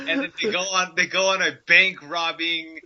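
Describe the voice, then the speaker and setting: A man's voice: high-pitched, bright, forceful tone. A man co-hosting a casual podcast review, easygoing and hesitant with fillers. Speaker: podcast co-host. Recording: dull lo-fi sound.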